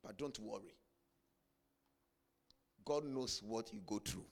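A man preaching a sermon, telling a story and building to shouted climaxes. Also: on the low side, slow, vocal fry. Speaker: pastor.

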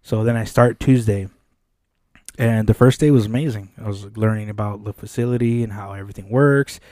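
Mellow-voiced man telling a story. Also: on the low side, fairly quick, no echo. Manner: animated, swears often, acts out quoted dialogue. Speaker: podcast co-host. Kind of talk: casual storytelling chat. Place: podcast studio.

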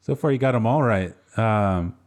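A man hosting a podcast, rambling in relaxed, casual chat with plenty of fillers. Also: lowish voice, normal speed. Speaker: podcast host.

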